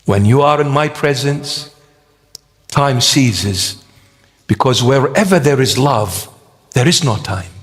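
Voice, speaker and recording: A man's voice: mid-range voice, lively intonation, slow pace, pauses often, in a large hall. A man preaching a sermon with emphatic rhetorical questions.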